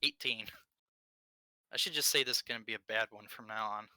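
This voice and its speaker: A man's voice: lowish voice, fairly quick, bright, forceful tone, no room sound. A man playing a tabletop game, talking casually and wryly about his character's suspicions. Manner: wry, suspicious. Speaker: player.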